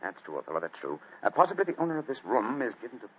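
An actor playing a shrewd, calm male detective who reasons aloud crisply in an old radio drama. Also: mid-range voice, racing. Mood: measured. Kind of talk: 1950s radio drama acting. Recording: muffled old radio recording with hiss.

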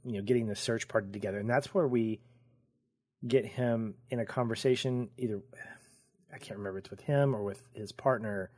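A man's voice: on the low side, fairly quick, a little mellow. A man co-hosting a podcast, chatting casually about a show and laughing easily. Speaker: podcast co-host. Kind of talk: casual recap chat.

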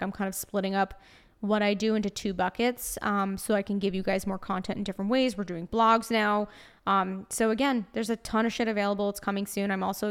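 Young woman, podcast host, put-on brooklyn accent, brash, constant swearing, smooth resonant voice. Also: mid-range voice. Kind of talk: casual solo podcast monologue.

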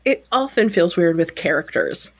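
Husky low-voiced woman co-host. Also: very animated, normal speed. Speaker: podcast co-host. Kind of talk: casual chat.

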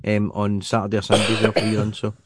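A man's voice: fairly low pitch, completely flat delivery, fast, slightly rough, no echo, clean studio sound. Rambling Scottish man chatting. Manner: rambling with many restarts and fillers. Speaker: podcast co-host. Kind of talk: casual chat.

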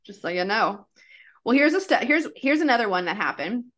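A woman's voice: fairly high pitch, sing-song, fairly quick, a bit bright. A woman hosting a podcast, chatting casually and telling cases in a loose, rambling way. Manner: chatty, lots of "like" and restarts. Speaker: podcast host. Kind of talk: casual chat.

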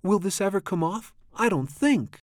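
A man voicing a flustered young boy in a storybook reading, speaking up high and loud in exasperation. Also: lively intonation, moderate pace, no echo, studio quality. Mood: exasperated. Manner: exasperated, raised voice.

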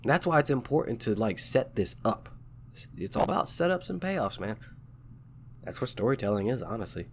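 A man's voice: mid-range voice, very animated, normal speed, a little hiss or hum. Congested man talking shop casually. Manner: laid-back, slangy, fond of "like" and "man". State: congested, stuffy nose. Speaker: podcast host and novelist. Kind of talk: casual chat about writing craft.

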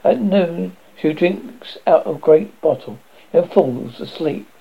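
A man's voice: fairly high pitch, animated, takes it slowly, gravelly, husky, exaggerated voice. A man reading as a fierce little robber girl. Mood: blunt. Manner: blunt, threatening. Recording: dull lo-fi recording.

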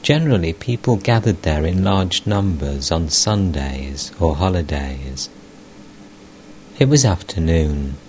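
Male narrator, very low voice, slow, calm, scripted audiobook reading. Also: slight background noise, low-quality recording. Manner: calm, even, unhurried reading.

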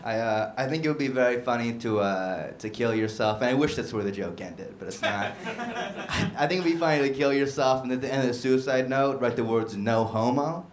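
A young man doing a stand-up set in a comedy bar, mostly flat and dry, with sudden loud mock shouts, on a handheld stage mic. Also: mid-range voice, fairly quick, few pauses, crowd noise. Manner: dark deadpan humor with bursts of loud mock shouting. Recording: echoey bar room.

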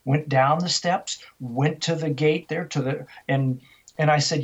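A middle-aged man, an interview guest, telling a story in animated style and acting out the dialogue he quotes. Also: a little high, a little slow, breathy edge. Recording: dull, lo-fi sound.

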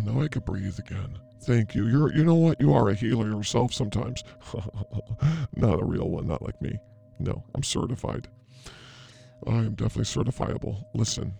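A man's voice: fairly low pitch, gravelly, warm tone. A man playing a blustering psychic healer. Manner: over-the-top, theatrical, blustering. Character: brash self-declared male psychic healer. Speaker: comedy podcast host playing a psychic. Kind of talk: improvised comedy bit.

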